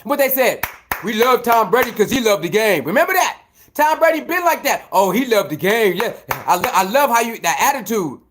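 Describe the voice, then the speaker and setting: High-pitched man ranting incredulously. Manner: heated, incredulous, swings between shouting and muttering. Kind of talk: animated ranting commentary.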